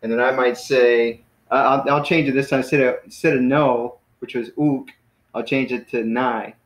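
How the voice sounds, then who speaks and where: A man teaching a class in a relaxed, casual way, with many fillers and self-corrections. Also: medium pitch, normal speed. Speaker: Greek teacher. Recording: roomy, dull lo-fi classroom recording.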